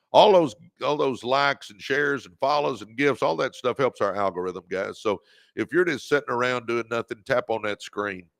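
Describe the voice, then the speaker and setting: In a gravelly, somewhat bright medium-pitched voice, a Texas man streams a preachy motivational talk, repeating phrases, addressing listeners as "baby" and greeting viewers by name. The clean studio recording has no room sound.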